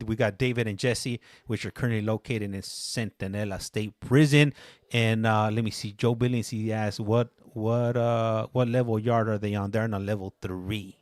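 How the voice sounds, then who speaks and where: A man's voice: medium pitch, no echo, clean studio sound. A man hosting a casual live stream, reading viewer comments aloud in a laid-back way, with many fillers and laughs. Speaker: podcast host reading live chat.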